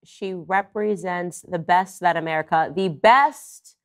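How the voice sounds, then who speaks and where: A woman's voice: on the low side, unhurried. Sarcastic woman political commentator. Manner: sarcastic, mocking, emphatic.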